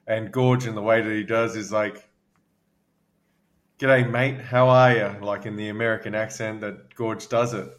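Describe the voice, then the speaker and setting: An Australian man from Western Australia, a former basketball player co-hosting a podcast, telling stories in a relaxed, chatty way with plenty of fillers. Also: on the low side. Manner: relaxed anecdotal, frequent fillers. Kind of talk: casual storytelling chat.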